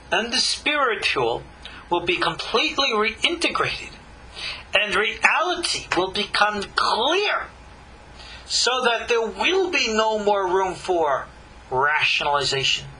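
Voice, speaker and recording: A high, very bright male voice lectures slowly and deliberately, with pauses between phrases. His pitch leaps and falls as he stresses points and puts rhetorical questions to his listeners. A faint background hum sits under the talk. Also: low-quality recording. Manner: emphatic, with long dramatic pauses. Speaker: rabbi teaching a class. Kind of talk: Torah lecture.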